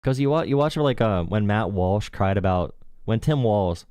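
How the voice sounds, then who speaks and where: A man hosting a casual live stream rambles in a mocking, filler-heavy way. His voice sits low, and the recording is dry and close. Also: animated, moderate pace, a little mellow, clear, resonant tone, no room sound. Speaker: streamer host.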